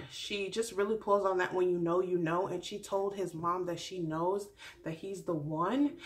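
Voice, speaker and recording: A woman's voice: medium pitch, pushed and bright. A woman hosting a casual recap video, talking through a reality show in a chatty, blunt way with slangy, swearing asides. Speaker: YouTube recap host.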